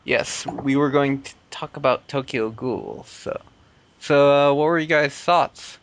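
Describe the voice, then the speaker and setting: A man hosts a casual podcast conversation from a home mic. His pitch sits in an ordinary middle range. He sounds laid-back, chuckles often and lets sentences trail away. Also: unhurried, fairly bright tone. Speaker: podcast host. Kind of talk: casual chat.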